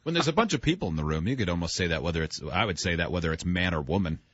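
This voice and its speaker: A man's voice: low-pitched, animated, very fast, no room sound. A man hosting a morning radio show, teasing and laughing easily. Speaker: radio host. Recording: dry, dull studio sound.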